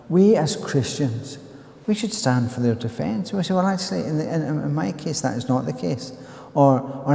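Northern irish guy preaching, mellow voice, lots of restarts, echoey church. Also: medium pitch. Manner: earnest, storytelling with frequent restarts. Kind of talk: sermon.

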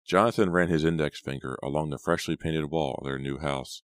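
Deep-voiced male reader for a horror audiobook, measured and dramatic, close and dry. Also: fairly even intonation, no echo. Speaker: audiobook narrator. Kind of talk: scripted narration.

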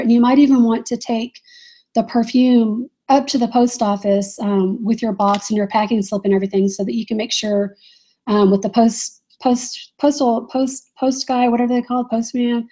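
A woman's voice: fairly high pitch, mellow. A woman hosting a casual live stream as a reseller, answering viewers' chat questions in a chatty, rambling way with frequent laughs and fillers.

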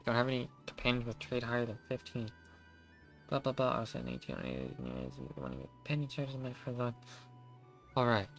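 A man's voice: medium pitch, sing-song, brisk, gravelly, fairly bright tone, soft background music. Wry, cursing male game streamer. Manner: profane, wry, talking to himself. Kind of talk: casual gameplay commentary.

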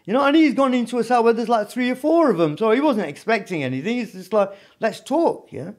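A man telling prison stories as a podcast guest, animated and often adding "you know what I mean". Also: very high voice, fast talker. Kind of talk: storytelling in a casual interview.

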